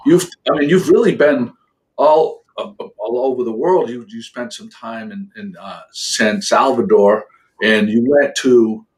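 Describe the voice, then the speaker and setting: Halting man hosting a podcast. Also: medium pitch, a little mellow, low-quality recording. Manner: rambling, halting, many restarts. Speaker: podcast host. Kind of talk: casual interview questions.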